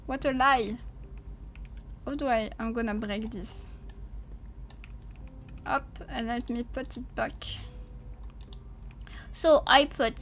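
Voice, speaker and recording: A woman with a French accent and French as her first language, streaming a game and chatting to viewers, excitable and quick to yelp and swear. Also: high voice, slight background noise. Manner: excitable, bursts into yelps and swearing. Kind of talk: gameplay livestream commentary.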